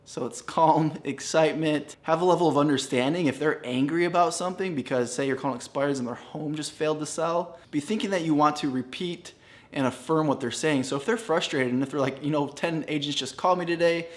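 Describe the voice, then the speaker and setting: Upbeat man coaching sales, fairly high voice. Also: a little fast. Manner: upbeat, smiling, energetic delivery. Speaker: real estate sales coach. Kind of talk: direct-to-camera teaching. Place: standing in a room.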